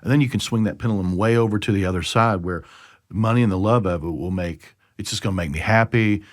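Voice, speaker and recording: Casting: relaxed male podcast host, low voice, dry close-mic sound, chatty. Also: fast, no echo. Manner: chatty, tells jokes with acted voices. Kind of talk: casual podcast conversation.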